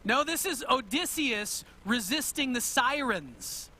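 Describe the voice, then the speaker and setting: Male pastor, very high voice, bright and forceful, lively storytelling sermon, asks the congregation questions. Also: slow pace. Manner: animated storytelling, retelling myths to a congregation.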